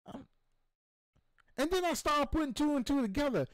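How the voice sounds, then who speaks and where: Animated man telling a profane story. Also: extremely high pitch, quick pace, no room sound. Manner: profane, excitable, acts out voices in his stories. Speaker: show host.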